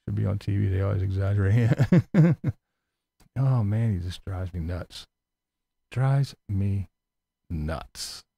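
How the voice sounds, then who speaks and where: A man's voice: lowish voice, takes it slowly, gravelly, pauses often, dark tone, no echo, studio quality. A man hosting a live-stream commentary, sarcastic and mocking, swearing freely and laughing often as he rants and answers chat. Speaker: YouTube commentary host reading live chat.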